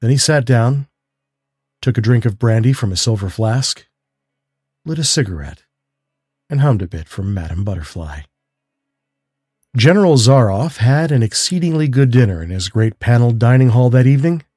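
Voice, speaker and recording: A man who hosts a story show, reading a calm mystery tale aloud at a measured, steady pace. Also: medium pitch, husky, no echo, clean studio sound. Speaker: narrator and host of a story show. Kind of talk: calm audiobook story narration.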